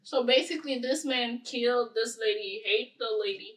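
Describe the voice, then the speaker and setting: A woman's voice: fairly high pitch, normal speed, fairly bright tone, distant mic, low-quality recording. A woman co-hosting a podcast, telling a story casually and often breaking into giggles. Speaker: podcast co-host. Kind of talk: casual chat.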